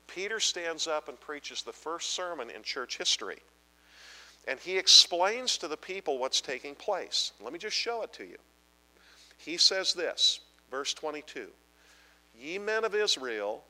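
A man's voice: on the high side, sharp tone, big-room sound, poor audio. A man preaching a Bible-teaching sermon, emphatic and asking the congregation repeated questions.

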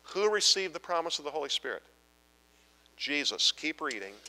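A man's voice: on the high side, sing-song, moderate pace, bright, forceful tone, long reverb tail, rough recording. A man preaching a Bible-teaching sermon, emphatic and asking the congregation repeated questions.

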